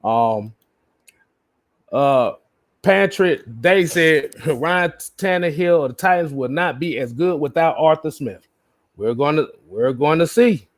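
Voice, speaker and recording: A man hosting a casual livestream, reading out viewer comments in a relaxed way, often laughing and repeating himself. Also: a little high, slow. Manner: laid-back, laughs often, repeats words. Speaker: livestream host.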